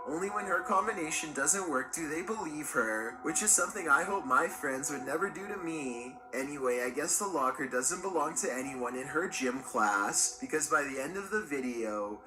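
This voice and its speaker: A man reading scripted narration for a countdown video in a measured storytelling delivery. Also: on the high side, lively intonation. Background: music.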